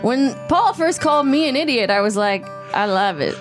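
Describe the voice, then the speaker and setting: A woman plays a gushing mother giving a customer testimonial. Her delivery is sing-song and eager, pitched a little higher than her usual voice. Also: lively intonation, normal speed, music in the background, close to an everyday voice.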